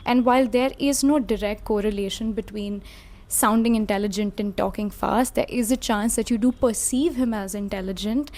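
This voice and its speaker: A woman's voice: medium pitch, normal speed, a little mellow. A woman from India reading a scripted video essay, reflective and lightly casual, with frequent hedging fillers. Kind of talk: scripted commentary.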